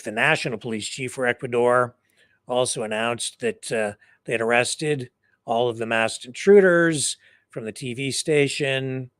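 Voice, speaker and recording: A man's voice: medium pitch, fairly bright tone, dry recording, studio quality. A man hosting a news show with chatty, opinionated commentary and sarcastic asides. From Canada. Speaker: news host.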